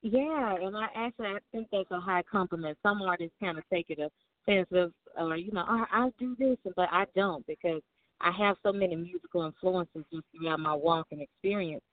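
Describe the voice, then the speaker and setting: A woman's voice: fairly low pitch, a little fast, dry recording. Southern young woman on a dry phone line. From Memphis, Tennessee. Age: young adult. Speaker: singer and songwriter guest. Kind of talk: casual interview answers. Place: calling in from home.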